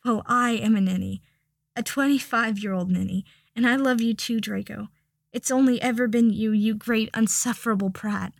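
Blunt young wizard voiced by a woman, hushed and gravelly, audiobook. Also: on the high side, normal speed, no room sound, clean studio sound. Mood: tearful.

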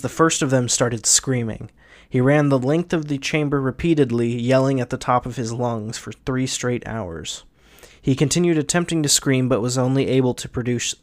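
A young man hosting a podcast, bantering with casual profanity and reading a creepypasta aloud. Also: mid-range voice. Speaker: podcast host.

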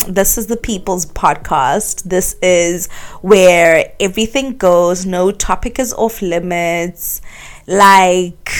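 A young woman from South Africa, hosting her own podcast from her bed in a candid, confessional chat. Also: lowish voice. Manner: candid and confessional, many fillers like um and like. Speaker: podcast host. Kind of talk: casual solo podcast chat. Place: her bedroom, recording from bed.

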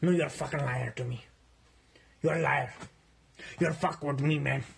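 A man's voice: mid-range voice, steady tone, normal speed, gravelly, slight background noise, pitched below the performer's own voice. A man voicing a hot-tempered adult man who speaks in broken English and angrily accuses a friend of stealing his food, in a comedy skit. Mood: furious. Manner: broken English, insulting, indignant.

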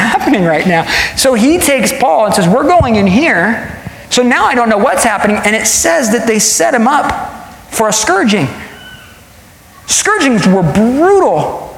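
A male pastor preaching a sermon, telling the story with lively acted-out voices. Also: sits high. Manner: animated storytelling, acts out quoted voices. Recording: echoey hall.

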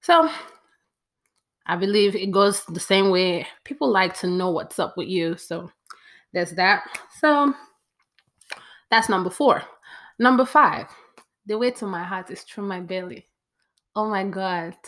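A woman's voice: mid-range voice, lively intonation, measured pace, long pauses, a bit bright. Chatty young woman vlogger. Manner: chatty, playful, counts off a list. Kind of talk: casual talk to camera.

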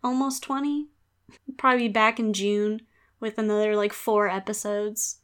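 A woman's voice: mid-range voice, level tone, moderate pace, a bit bright, clean tone. Woman, podcast host, casual chat, giggly, playful, rambling.

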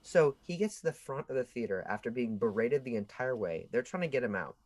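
A man's voice: medium pitch, brisk. A young man co-hosting a podcast, telling a story in casual chat and acting out the people in it. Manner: animated storyteller, shouts out quoted voices. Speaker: podcast co-host.

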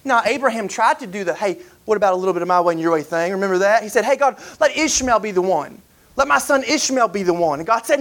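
A preacher delivering a sermon in a casual, everyday way rather than a formal pulpit tone. Fillers such as "you know" and "like" and repeated words run through the talk. Scripture is retold in plain modern paraphrase, at a mid pitch. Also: animated, fast, fairly bright tone. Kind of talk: conversational sermon.

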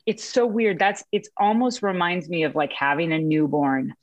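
A woman's voice: on the low side, lively intonation, normal speed, no room sound. A woman in her thirties telling a personal story in a candid, self-mocking way, swearing mildly and acting out what people said. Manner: acts out voices in vivid quoted asides. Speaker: mother sharing a story with a group. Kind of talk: casual storytelling.

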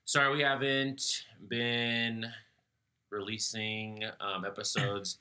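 A man in his twenties hosts a loose podcast chat, a little congested, laughing and cursing as he goes. His voice sits somewhat low but has a bright, forward edge. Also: takes it slowly, slight background noise. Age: 20s. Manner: laughing, swearing, animated chat. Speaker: podcast host.

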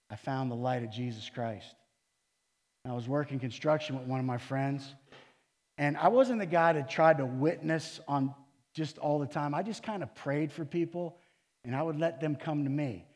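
Animated male preacher in a reverberant hall. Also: a little high. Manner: animated storytelling, acting out quotes with big swings in loudness. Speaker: pastor. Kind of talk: sermon. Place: church. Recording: long reverb of a church hall.

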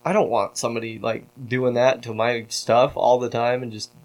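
A man's voice: mid-range voice, flat delivery, moderate pace. A man hosting a podcast in casual chat, telling a story in a profane and worked-up way. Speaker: podcast host.

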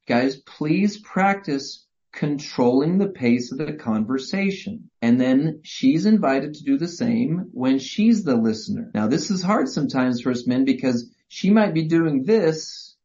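A middle-aged man leading a live marriage workshop, speaking energetically and quickly and acting out bits of dialogue, on a muffled lo-fi recording. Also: fairly high pitch, lively intonation, mellow. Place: workshop session.

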